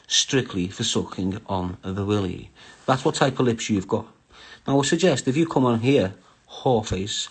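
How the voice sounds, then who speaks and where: A man's voice: on the low side, husky. A middle-aged man with a Scouse accent from Liverpool, ranting crudely and mockingly on a live stream. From Liverpool, England.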